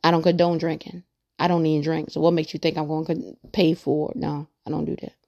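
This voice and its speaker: A woman with a low, gravelly voice gives a loose, personal talk about her faith. She rambles earnestly and circles back to repeat her points so they land. Her voice carries a steady crackle of vocal fry. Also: fast talker, muffled recording. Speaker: podcast host. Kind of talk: casual faith monologue.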